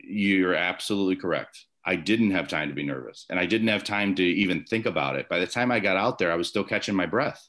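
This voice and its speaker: Very deep-voiced man telling stories. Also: brisk, hardly any pauses, fairly bright tone. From Chicago area, USA. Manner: rambling anecdotes with frequent restarts and fillers. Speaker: guest, former baseball umpire. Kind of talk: conversational storytelling interview. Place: home office.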